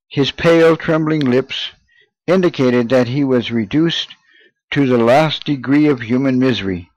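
A man reading an old first-person memoir aloud as narrator, in a measured, earnest way. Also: mid-range voice, no echo, low-quality recording.

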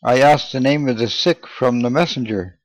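A man reading a memoir aloud as scripted narration, steady and measured, slowing over names. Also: medium pitch, no echo, poor audio. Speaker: audiobook reader.

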